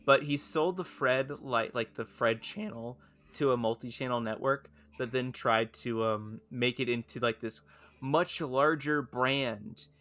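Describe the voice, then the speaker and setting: A man's voice: mid-range voice, unhurried, a bit bright. A young man co-hosting a casual podcast chat, rambling with many restarts and fillers. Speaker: podcast co-host.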